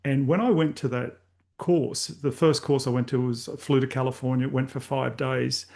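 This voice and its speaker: Older Australian man, gravelly mid-range voice, candid and rambling storyteller with loose filler words. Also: medium pitch, steady tone, normal speed, darkish tone. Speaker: podcast host guest. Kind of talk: casual storytelling interview.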